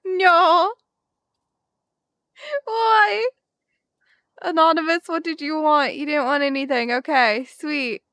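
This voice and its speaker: A woman's voice: high voice, moderate pace, hardly any pauses, fairly bright tone, no echo, studio quality. A woman streaming a game, chatting casually with viewers and co-players, laughing often and using many fillers. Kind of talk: casual gaming stream chat.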